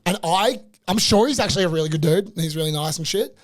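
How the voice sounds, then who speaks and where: This young podcast co-host has a high-pitched voice and a quick pace, with no echo. Animated and profane, he rants his way through a funny story on a casual show, cursing nonstop.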